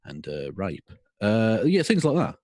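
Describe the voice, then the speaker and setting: Deep-voiced sardonic man. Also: huge pitch swings, measured pace, darkish tone, dry recording, studio quality. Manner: sardonic, mocking, swears freely. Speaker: podcast co-host. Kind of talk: casual sarcastic chat.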